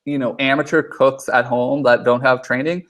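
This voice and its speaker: A man talks over a video call in casual group chat, coaching another person. He rambles and fills his sentences with constant fillers. His pitch sits in an ordinary middle range. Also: fairly even intonation, moderate pace, a bit bright. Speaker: conference speaker giving advice.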